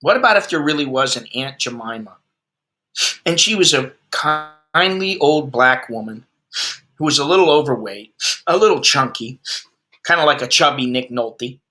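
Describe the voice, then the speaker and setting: A man's voice: medium pitch, lively intonation, normal speed, bright, forceful tone. An American man hosting a livestream, ranting about the news in a blunt, sarcastic, heavily profane way. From United States. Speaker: expat livestream host. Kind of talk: ranting commentary.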